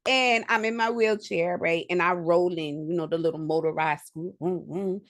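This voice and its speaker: A woman's voice: fairly low pitch, fairly even intonation, normal speed. A woman comic book writer telling rambling, profane stories on a video call, restarting often and acting out quotes. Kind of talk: excited casual storytelling.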